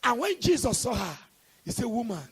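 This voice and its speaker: Husky high-voiced Nigerian evangelist preaching. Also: male voice, sing-song, normal speed. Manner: impassioned preaching, rising to shouted declarations. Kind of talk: sermon. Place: church service hall.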